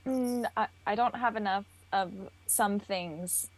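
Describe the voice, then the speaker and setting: A woman's voice: medium pitch, slow pace. A woman co-hosting a casual gaming podcast, answering in short, playful remarks. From California, USA. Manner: brief playful replies. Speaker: podcast co-host. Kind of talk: casual chat while streaming.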